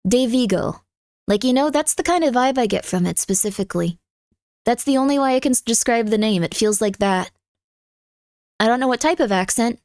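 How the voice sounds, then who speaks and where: Woman streamer, slightly high voice, scattered rambling chat, dry close sound. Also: a little fast, darkish tone, no room sound. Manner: rambling, scattered, self-interrupting; chatty, reads out viewer messages. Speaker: livestreamer. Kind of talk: casual livestream chat.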